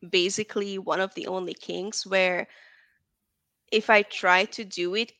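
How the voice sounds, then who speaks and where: A woman's voice: mid-range voice, steady tone, a little slow, sharp tone, no echo. A woman from Texas, a guest in a casual interview, talking in a chatty, rambling way and laughing often.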